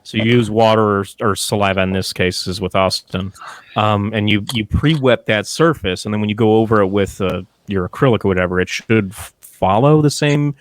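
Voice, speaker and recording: A man's voice: lowish voice, fairly quick, no room sound. A man co-hosting a casual podcast chat about tabletop gaming, swearing freely and acting out quotes. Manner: profane, animated, slips into quoted voices. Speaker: podcast co-host.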